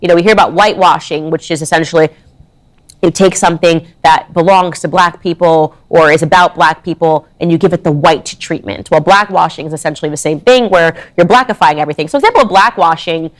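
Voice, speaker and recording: Woman with a lowish voice, sarcastic commentary. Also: brisk. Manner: chatty, explanatory, sarcastic. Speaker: online commentator. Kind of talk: opinion commentary video.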